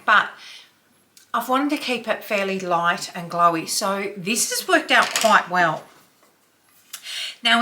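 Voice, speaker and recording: Slow-talking chatty woman in her fifties. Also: medium pitch, bright, forceful tone. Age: 50s. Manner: chatty, drops to near-whisper while applying. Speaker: beauty vlogger. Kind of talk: casual makeup tutorial. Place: home, dog snoring nearby.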